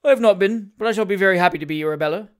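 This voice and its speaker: A reader voicing a blunt, cocky young male medical student in a storybook reading, speaking briskly and offhandedly. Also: mid-range voice, natural voice.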